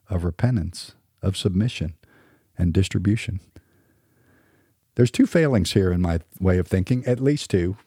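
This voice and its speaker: A man's voice: low-pitched, dark tone, breathy edge, no echo, studio quality. A middle-aged man from the American South with a mostly standard American accent, hosting a podcast in a scripted monologue with wry, sarcastic asides. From Southern United States. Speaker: podcast host.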